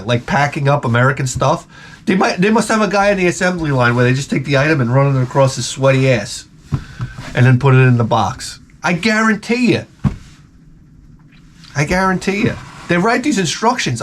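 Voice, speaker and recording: A man's voice: a little high, a little hiss or hum. A man telling a rambling, profane comic story in a casual rant as a gaming video host. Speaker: retro gaming YouTuber.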